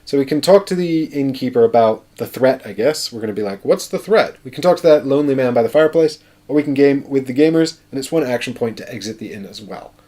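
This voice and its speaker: A man's voice: medium pitch, lively intonation, fast talker, hardly any pauses, warm tone. A man hosts a casual solo board game playthrough. He chats and thinks aloud, counting out his moves. His voice sits mid-range for a man. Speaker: board game player and show host.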